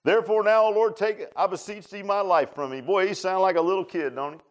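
A man delivers a folksy sermon. His voice sits a bit high for a man. He swings from loud, emphatic stretches down to low, quiet lines. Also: a little fast. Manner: folksy, animated preaching with shifts from loud to low. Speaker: preacher.

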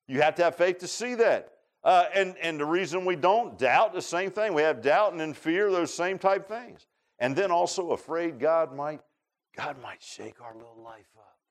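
A male pastor preaching from the pulpit in a drawl, his fairly high voice swinging up and down as he works the room. He keeps throwing short questions out to his listeners between points. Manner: animated preaching with call-and-response asides. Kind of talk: sermon. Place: church sanctuary.

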